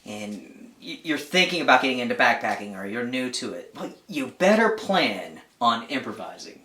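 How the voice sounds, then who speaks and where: A man's voice: medium pitch, sing-song, moderate pace, sharp tone, reverberant. A man co-hosting an outdoor gear channel, chatting casually and rambling a little with lots of "like". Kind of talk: casual chat.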